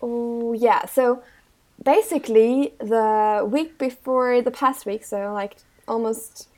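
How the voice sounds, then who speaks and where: A woman's voice: fairly high pitch, fairly even intonation, takes it slowly, warm tone. A young woman with a German accent, co-hosting a casual podcast chat and talking hesitantly with many fillers. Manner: hesitant, many fillers and restarts, laughs often. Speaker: podcast co-host.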